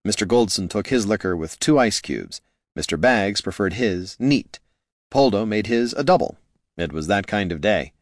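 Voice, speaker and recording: A man narrating a fantasy story aloud in expressive scripted narration. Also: fairly low pitch, normal speed, no echo, clean studio sound. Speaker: audiobook narrator.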